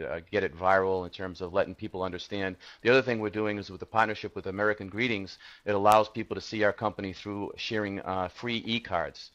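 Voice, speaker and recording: A man pitching his startup over a video call, talking in halting bursts full of fillers and restarts. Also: a bit bright. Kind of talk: answering questions on a video call. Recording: dull lo-fi video call audio.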